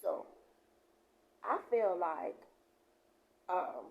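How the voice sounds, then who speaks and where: A woman reading scripture slowly and with emphasis, then adding loose, conversational commentary. She often clears her throat. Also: on the low side, sing-song, a little mellow, low-quality recording. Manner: reads verses slowly and emphatically, then talks in loose asides. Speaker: prophetess.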